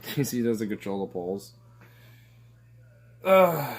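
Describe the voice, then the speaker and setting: A man's voice: mid-range voice, very animated, takes it slowly, pauses often, husky. A man ranting casually about politics as a streamer, profane and rambling, with lots of filler words and sarcastic asides. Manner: sarcastic, scoffing laughs.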